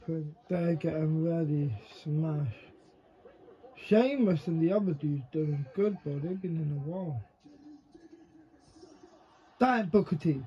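A man giving casual, excitable reaction commentary to the screen, swearing freely. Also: a little high, slow pace, pauses often, muffled recording. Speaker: reaction video creator.

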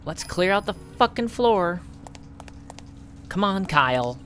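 Gaming commentator: sarcastic, foul-mouthed, swings from mutters to yells, mid pitch, lively. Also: slow pace, slight background noise. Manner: sarcastic, swears freely, yells at the game characters. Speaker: let's play commentator.

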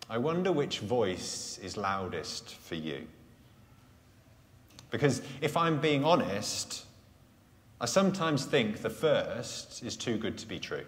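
A man preaching a live sermon at a Sunday church gathering, earnest, letting key phrases fall soft and low. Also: sing-song. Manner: earnest, slows and drops softly on key phrases. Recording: echoey church hall sound.

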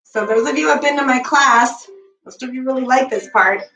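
A woman's voice: high-pitched, fairly quick, pushed and bright, echoey room, recorded from a distance, soft background music, low-quality recording. A woman teaching a children's bedtime yoga class, patient and encouraging, counting out the poses.

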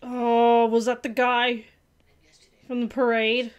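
A young woman hosting a reaction video, chatting excitedly and getting emotional as she comments. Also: on the high side, takes it slowly, clean tone, muffled recording. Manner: gushing, emotional, laughs and cries easily.

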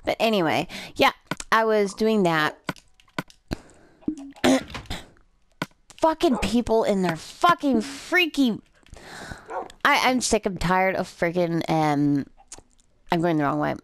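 Drunk woman narrating her gameplay, loose and profane, easily amused, very animated pitch. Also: slow pace, pauses often, slight background noise. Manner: rambling, swears a lot, easily amused. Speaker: gameplay commentator. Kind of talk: rambling let's-play commentary.

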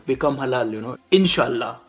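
A slow, drawling shop worker with a middling pitch and an offhand, unbothered manner, as a man puts him on. He shrugs everything off in an easy, laid-back way in a comedy sketch. Faint music sits behind the voice. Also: animated, a bit bright, close to an everyday voice.

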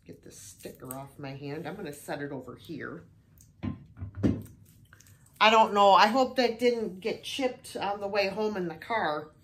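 A woman's voice: mid-range voice, animated, measured pace, slight background noise. An older woman chatting casually through a thrift haul video, exclaiming often as she shows off her finds.

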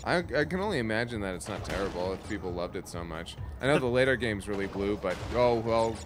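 A man streaming a video game in casual, loud chat, swearing and yelping at the action, a little tipsy. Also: on the low side, expressive, quick pace. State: tipsy from drinking. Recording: game music behind.

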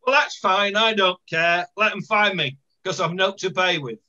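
A blunt, stubborn working-class housewife, as a man puts her on. She speaks loudly and brightly, flatly refusing. The call audio is dull and lo-fi. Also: sits high, normal speed. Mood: defiant.

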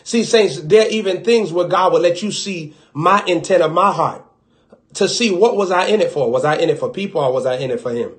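A man with a Southern US accent preaches a sermon fairly quickly, swinging from loud exhortation to hushed, low asides. He also acts out little dialogues.

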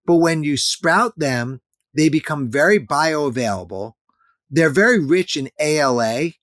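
A man's voice: a little high, expressive, a little slow, fairly bright tone, no echo, clean studio sound. A man in his fifties, a guest in an interview, talking earnestly and emphatically, repeating his key points. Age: 50s. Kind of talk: interview conversation.

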